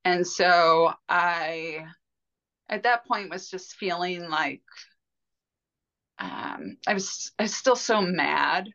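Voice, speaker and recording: A woman telling a personal story as a podcast guest, candid and rambling with fillers and soft laughs. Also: fairly low pitch, slow, long pauses, dull audio.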